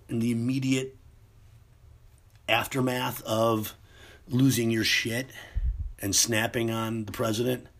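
A man's voice: medium pitch, fairly bright tone, breathy edge. A man ranting in a casual, profane monologue, rambling with many restarts.

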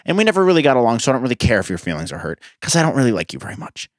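A man's voice: mid-range voice, sing-song, very fast, dry recording, studio quality. A young man hosting a podcast, ranting in a profane, sarcastic, rambling way. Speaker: podcast host. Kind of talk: casual podcast rant.

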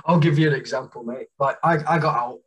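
A man's voice: medium pitch, quick pace, slightly rough. A man, a military veteran, chatting casually and sharing anecdotes. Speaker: military veteran podcast guest. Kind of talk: casual chat.

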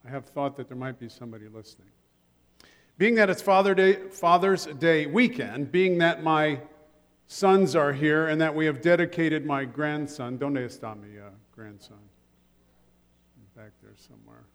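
High-voiced older pastor in a reverberant church. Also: male voice. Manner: humorous storytelling with the congregation. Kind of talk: sermon. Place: church sanctuary.

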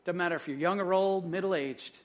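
A male pastor with a high-pitched voice preaches to his congregation. He talks with emphasis, pushing some points out loud and dropping others to a hush. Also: brisk, muffled recording. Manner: emphatic, swings from loud to hushed. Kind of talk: sermon. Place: church sanctuary.

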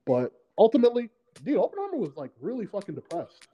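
A man's voice: high-pitched, wildly swooping pitch, quick pace, mellow, slightly rough, poor audio. A man co-hosting a podcast in casual chat, rambling with many fillers and restarts. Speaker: podcast co-host.

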